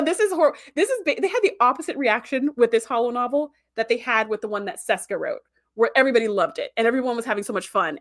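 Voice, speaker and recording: A woman with a fairly high voice hosts a podcast and talks through an episode in a loose, chatty way. She rambles, corrects herself mid-sentence and laughs easily. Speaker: podcast host. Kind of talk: casual episode recap.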